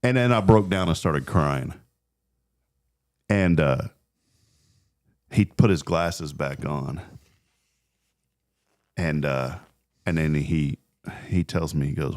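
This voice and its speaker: A man's voice: rumbling low, slow pace, long pauses. A man telling a personal story in casual chat, acting out the voices he quotes with plenty of restarts. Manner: animated, acts out quoted voices, many restarts.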